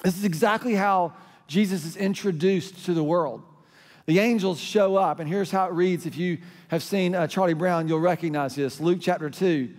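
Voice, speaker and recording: A man's voice: fairly high pitch, fairly even intonation, moderate pace, darkish tone. A middle-aged man, preaching a sermon as pastor and telling stories that lead into crowd call-and-response. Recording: hall reverb.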